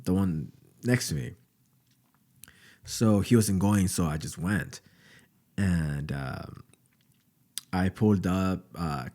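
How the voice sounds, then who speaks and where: Very deep-voiced young host. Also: male voice, a little mellow. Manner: hesitant, many ums, laughs lightly. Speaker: podcast host. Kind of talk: casual storytelling in an interview.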